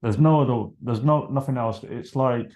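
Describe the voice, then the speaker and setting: A man telling a story on a podcast over a video call, animated, acting out his own dialogue and trailing off. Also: mid-range voice, moderate pace. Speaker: podcast guest. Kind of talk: casual storytelling.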